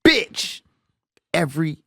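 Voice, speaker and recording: A middle-aged man trades boastful, profane jokes as a podcast co-host. His pitch swings widely as he talks. The sound is dry and close, with no room echo. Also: sing-song, unhurried, creaky, sharp tone, slightly rough. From North Philadelphia. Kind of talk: casual banter.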